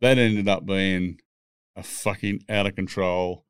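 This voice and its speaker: A man's voice: sits low, steady tone, measured pace, smooth, no room sound, studio quality. A man, telling rambling, swear-filled stories as a podcast guest. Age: 60s. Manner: profane, rambling anecdotes. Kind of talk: casual storytelling.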